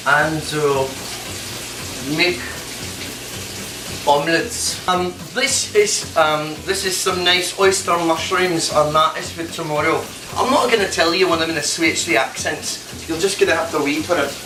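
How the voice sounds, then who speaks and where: A man's voice: a little high, unhurried, noisy background, natural voice. A man voicing a chatty British alter ego of himself in a put-on English accent, rambling through a cooking demonstration in a home kitchen. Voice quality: rambling, silly, self-talking. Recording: roomy kitchen, distant mic, loud music.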